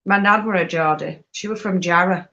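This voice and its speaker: Woman, streamer answering chat, lowish voice, dull recording. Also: brisk, bright, forceful tone. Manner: chatty, reads out and answers viewer questions. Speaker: fibre craft live-streamer. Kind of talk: casual live-stream chat.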